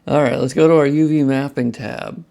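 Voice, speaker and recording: A man's voice: mid-range voice, steady tone, normal speed, creaky, dark tone. A young man chatting casually on a live stream while he works, muttering and swearing at his tools and joking with viewers. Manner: profane, self-deprecating muttering to chat. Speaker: modding streamer.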